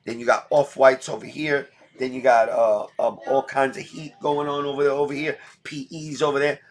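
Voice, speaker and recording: This livestream host, a middle-aged man from New York, gets emotional while chatting casually, blunt and heavy on street slang. He speaks at normal speed in a level, mid-range voice with hardly any pauses.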